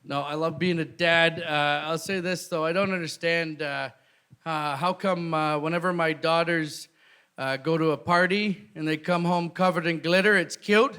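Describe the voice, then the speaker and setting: A Canadian man doing a stand-up comedy set, animated and breaking into loud shouted bits. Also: a little high, normal speed, clear, resonant tone. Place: live comedy venue with audience.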